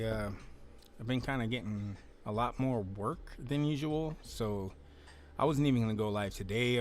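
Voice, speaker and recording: A man hosting a casual livestream, rambling in a laid-back way, swearing now and then, talking into a close desk mic at home. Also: medium pitch. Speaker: livestream host. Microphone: desk mic, close then moved closer.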